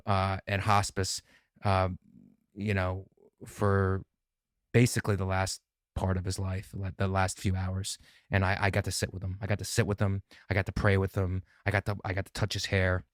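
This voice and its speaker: A man, a comedian guest, in casual chat, speaking haltingly and repeating phrases as he talks about something personal. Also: low-pitched, dry recording, studio quality.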